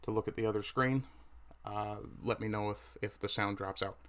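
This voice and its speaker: A man with a low voice hosts a casual home livestream, talking loosely to his chat. He pauses often and fills the gaps with ums and uhs. His mic sits right under his chin. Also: fairly even intonation, fairly bright tone. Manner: hesitant, many fillers, reads chat aloud. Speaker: livestream host.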